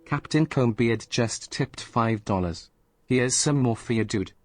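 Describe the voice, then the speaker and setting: A man's voice: mid-range voice, a little slow. Synthetic male donation-reading voice. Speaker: text-to-speech donation reader.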